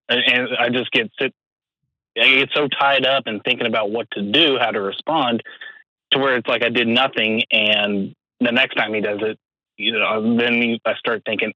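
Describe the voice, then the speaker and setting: A man's voice: mid-range voice, fairly even intonation, moderate pace, no echo, muffled recording. A man calling in to an advice show, anxious and rambling as he doubts himself. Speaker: caller. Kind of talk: phone-in conversation.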